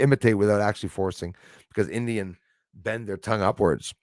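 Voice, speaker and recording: A man's voice: on the low side, brisk, darkish tone, no echo, clean studio sound. A man in his forties hosting a live stream, chatting loosely and chuckling often as he answers viewer comments. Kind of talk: casual chat reading viewer comments.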